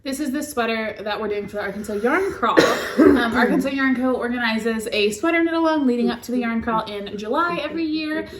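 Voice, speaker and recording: A woman's voice: a little high, brisk, hardly any pauses, a crowd in the background. Chatty woman in an echoey room. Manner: chatty, rambling, laughs often. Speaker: podcast co-host. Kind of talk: casual chat about knitting.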